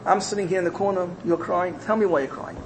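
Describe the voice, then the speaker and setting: A man voicing a humble, disguised scholar who speaks softly and gently, half to himself. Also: steady tone, quick pace, slight background noise. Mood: gentle murmuring. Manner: soft, low, gentle murmur.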